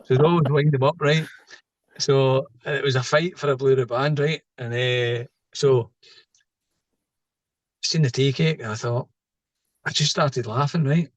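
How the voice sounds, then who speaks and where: A man's voice: mid-range voice, steady tone, measured pace, pauses often, no room sound, low-quality recording. A middle-aged Scottish man, a podcast guest, telling a personal story in a rambling way, often tagging lines with "right?". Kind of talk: casual storytelling.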